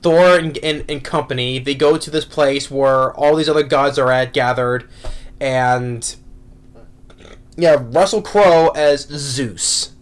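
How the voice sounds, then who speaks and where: A man's voice: medium pitch, slow pace. A man ranting through a movie review, rambling and exasperated, with frequent restarts and repeated words.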